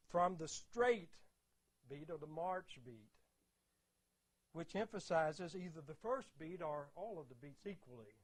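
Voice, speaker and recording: An older man lectures on music, explaining rhythm and counting out beats with steady emphasis. His voice sits a little higher than most men's. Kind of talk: spoken lecture with audio clips.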